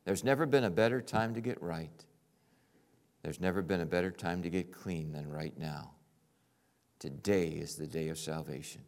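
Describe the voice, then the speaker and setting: A male pastor preaching a sermon, animated, swinging from quiet, intimate lines to loud, excited bursts. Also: low-pitched, normal speed, vocal fry.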